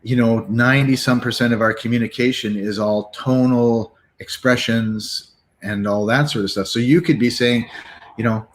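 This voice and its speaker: A man's voice: mid-range voice, moderate pace, a little hiss or hum. A man co-hosting a casual business chat, telling stories and acting out what people say. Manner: animated storyteller, acts out quotes.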